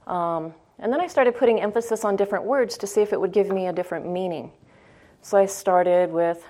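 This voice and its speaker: A woman leads a relaxed scripture lesson in a mid-pitched voice. She talks to her group as if chatting, often asking whether they follow her. She repeats key phrases, shifting the stress to draw out their meaning. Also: a little fast. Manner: informal, checks in with listeners, repeats phrases for emphasis. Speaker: Bible study teacher. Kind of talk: conversational scripture teaching.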